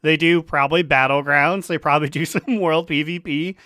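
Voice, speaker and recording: A man's voice: on the high side, steady tone, brisk, bright, forceful tone, no echo, studio quality. A man co-hosting a casual gaming podcast, making wry jokes. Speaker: podcast co-host.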